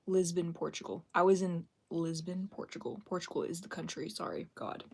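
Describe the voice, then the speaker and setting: A woman's voice: lowish voice, normal speed, creaky, darkish tone, husky. A young woman chatting casually on a live stream, self-deprecating and thanking viewers as she talks.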